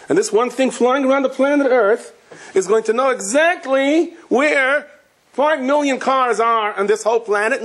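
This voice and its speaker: A husky-voiced rabbi, telling stories in a Torah class. His pitch sits fairly high for a man, and he jumps even higher when he acts out the people in his tales. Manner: storytelling, acting out voices with swings of pitch.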